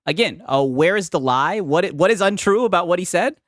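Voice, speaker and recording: Reaction host, male, mocking and laughing, very animated inflection, dead-dry mic. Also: high-pitched, brisk, dry recording. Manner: sarcastic, laughing, says "right?" often. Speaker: reaction streamer. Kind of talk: mocking live reaction commentary.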